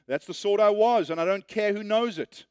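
A man voicing the ghost of a working man who insists on his rights, raising his voice higher and louder as he complains. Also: normal speed, clear, resonant tone, dry recording, close to an everyday voice. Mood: boastful. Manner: indignant, insistent, blustering.

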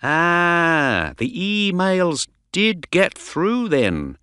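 A man reading an audiobook voices an angry, exasperated male scientist who shouts and complains. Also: high voice, wildly swooping pitch, very slow, clean tone, dry recording, clean studio sound, voice pushed up, exaggerated voice. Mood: wary. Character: gruff angry male scientist, short-tempered.

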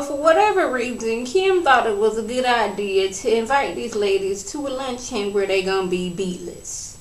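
A woman giving a casual, sassy recap of a reality show, chatting in a lively storytelling way. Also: medium pitch, reverberant, poor audio.

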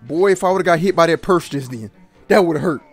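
A man giving excited, trash-talking commentary while playing a fighting game, yelping and laughing often. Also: on the high side, brisk, soft background music. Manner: animated, yelps and laughs, trash-talks the opponent. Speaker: gaming channel host.

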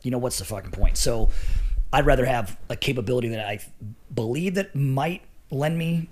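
A man's voice: medium pitch, moderate pace. A middle-aged man telling stories as a podcast guest, laughing often and swearing freely. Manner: profane, laughing storyteller. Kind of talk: casual storytelling.

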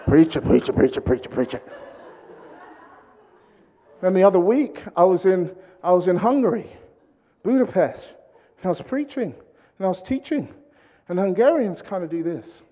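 A man from Britain preaching a sermon, telling comic stories and acting out loud congregations. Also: high-pitched, animated, normal speed. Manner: comic storytelling, mimics congregations with shouts. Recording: reverberant hall.

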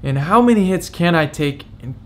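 A man's voice: a little high, expressive, normal speed. A young man in his twenties opening up in a confessional vlog, candid and reflective, talking as if close to tears. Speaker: vlogger.

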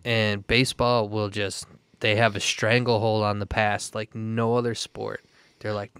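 A man's voice: fairly low pitch, little pitch movement, unhurried, a bit bright, clear, resonant tone, dry recording. A man co-hosting a podcast, blunt and teasing in casual chat. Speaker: podcast co-host.

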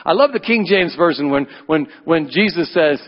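A male pastor giving an Easter sermon, emphatic, swinging between loud, high rises and quiet, low drops. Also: animated, moderate pace, in a large hall, lo-fi sound. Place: church sanctuary.

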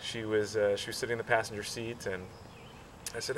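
A man slowly recounting how he proposed, with many fillers, restarts and pauses. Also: on the low side, flat delivery, far from the mic, a little hiss or hum, low-quality recording. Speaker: groom telling proposal story. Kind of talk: casual storytelling.

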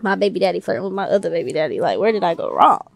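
Sassy gravelly-voiced woman game commentator. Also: fairly low pitch, very animated, racing. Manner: sassy, talks back to the game characters; swears casually, informal slang. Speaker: let's play creator. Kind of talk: casual gameplay commentary.

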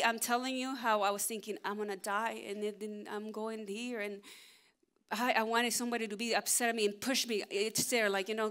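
A middle-aged woman pastor telling a funny personal story in a sermon, animated and self-mocking, with many restarts. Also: a little high, quick pace, smooth.

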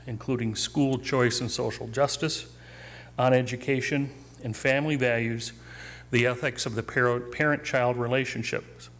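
A man hosting a community talk, reading a formal introduction of the speaker in a measured way. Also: medium pitch. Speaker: event host introducing the speaker. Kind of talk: read introduction. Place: theater stage.

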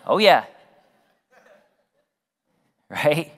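A man preaching a sermon, a pastor who chats with his congregation and tosses in quick asides. His voice sits a bit high for a man. It carries a long hall reverb around it. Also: clear, resonant tone. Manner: conversational preaching with asides to the congregation and acted quotes; drops to a soft, hushed voice for quoted prayerful words.

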